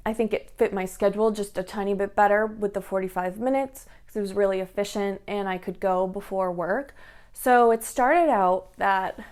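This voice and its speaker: A woman's voice: mid-range voice, a little mellow, clean tone. A young woman from the United States telling her own fitness story in a chatty vlog, full of "like" and "um". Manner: chatty, lots of fillers like "like" and "um". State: tearful at moments. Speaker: fitness vlogger. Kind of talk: personal vlog talk.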